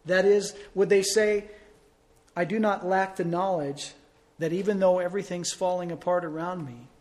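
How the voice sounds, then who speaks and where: A male pastor preaching a sermon in a conversational way, asking the congregation rhetorical questions and swinging between loud emphasis and soft asides. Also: high voice, steady tone, moderate pace.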